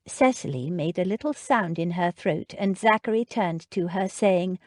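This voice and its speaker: Woman reading an audiobook, expressive and measured, super dry close sound. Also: fairly low pitch, no room sound. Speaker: audiobook narrator. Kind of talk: scripted narration.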